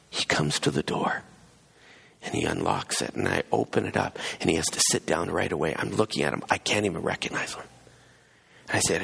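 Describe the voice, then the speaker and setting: A man with a very low, gravelly voice gives a sermon, acting out the people in his story. His voice carries a long reverb, as if heard across a large church hall. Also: a little fast, fairly bright tone. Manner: storytelling, acts out quoted voices. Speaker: pastor.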